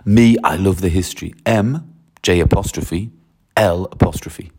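A man's voice: low-pitched, a little slow, a little mellow, husky. A man who teaches French, explaining his methods in a chatty, enthusiastic way and reading French example sentences aloud. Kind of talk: casual explanation to camera.

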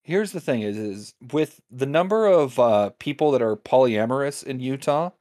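A man's voice: medium pitch, expressive, moderate pace, a little mellow, no room sound. A playful man hosting a podcast and joking with his co-hosts. His voice is dry and close, with no room sound. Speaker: podcast host. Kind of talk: casual chat.

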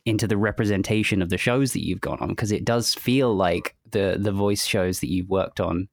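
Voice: low voice, normal speed, creaky, no room sound, studio quality. Rambling, emphatic podcast host. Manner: rambling, many restarts, emphatic asides. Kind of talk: casual podcast interview.

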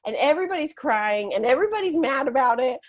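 A woman in her thirties, a guest in conversation, tells stories at a quick pace in a high, animated voice. She laughs and acts out the quotes as she goes.

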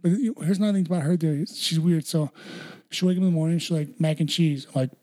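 A man's voice: a little high, fast, a little mellow. A young man, a podcast host and father, rambling through casual stories with lots of "dude" and "like". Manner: rambling storyteller, heavy on "dude" and "like".

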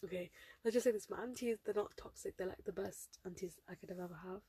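On her solo podcast, a seventeen-year-old girl chats and rambles, leaning heavily on fillers. She talks fast in a mid-range, warm, slightly rough voice, and the recording is dry.

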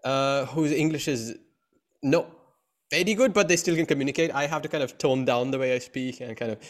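A man hosting a casual interview, chatty and quick to laugh. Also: mid-range voice. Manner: animated, chatty, laughs easily. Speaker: host.

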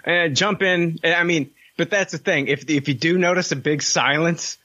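A man's voice: fairly high pitch, normal speed, pushed and bright, no room sound, dull audio. A man hosting a casual group podcast, loose and joking, swearing freely as he runs the show. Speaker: podcast host.

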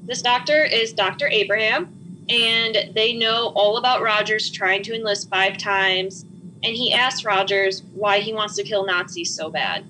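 A woman's voice: mid-range voice, a little slow, pushed and bright, slight background noise, poor audio. A woman hosting a podcast, chattily recapping a film and swearing freely. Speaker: podcast host. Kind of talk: casual movie recap chat.

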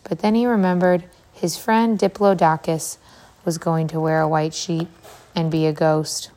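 A woman reading a picture book aloud to young children, animated, pausing to ask them questions. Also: lowish voice. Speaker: reader to children.

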